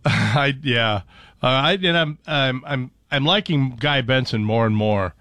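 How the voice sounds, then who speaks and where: Bright-voiced man hosting a talk show. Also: mid-range voice, measured pace, dry recording. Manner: agreeable, hesitant restarts.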